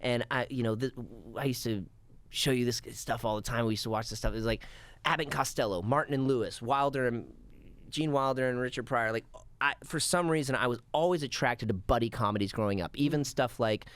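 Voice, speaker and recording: A man's voice: medium pitch, a little fast, no room sound. A man chatting as a podcast guest, telling stories animatedly and acting out old scenes. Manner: animated storyteller, acts out scenes and laughs. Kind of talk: casual chat.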